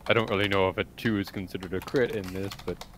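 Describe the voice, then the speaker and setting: Low-voiced, drawling tabletop player. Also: male voice, steady tone, fast talker, fairly bright tone, a little hiss or hum. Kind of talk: casual tabletop play.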